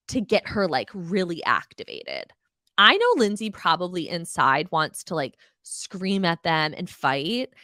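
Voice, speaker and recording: On the low side in pitch, this young woman podcaster recaps reality TV casually and with animated exasperation, cursing freely and imitating those she's talking about. The recording is dry and clean studio sound.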